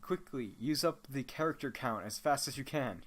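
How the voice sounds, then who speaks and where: A man's voice: medium pitch, lively intonation, moderate pace, fairly bright tone. A man playing a tabletop game, joking and teasing the others, sometimes trailing off into mutters. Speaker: player. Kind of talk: casual tabletop game chat.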